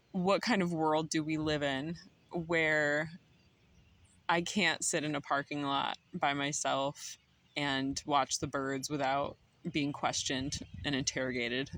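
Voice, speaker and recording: A woman's voice: fairly low pitch, a bit bright, no room sound. A woman, telling a personal story to her viewers in a casual vlog, laughing often and getting emotional. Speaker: vlogger.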